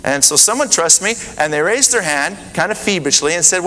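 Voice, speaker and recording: A man preaching, telling a lively anecdote from his ministry and acting out the dialogue. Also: fairly quick, few pauses, background noise. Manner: animated, rising pitch when acting out dialogue. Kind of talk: sermon anecdote. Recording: reverberant hall with faint ambience.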